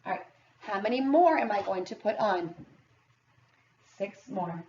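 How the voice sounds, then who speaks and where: A woman teacher slowly counting aloud and guiding young children through a math lesson. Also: mid-range voice, lively intonation, darkish tone, slight background noise. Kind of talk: early-grades math lesson. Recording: echoey, distant, dull camera audio with faint ambience.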